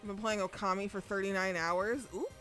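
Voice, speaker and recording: A young woman streams a game, chatting loosely and swearing freely as she reads along and jokes. Her voice sits at an ordinary middle pitch. Faint music plays under her talk. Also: steady tone, brisk, a bit bright. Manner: casual, profane, joking. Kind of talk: live game streaming chat.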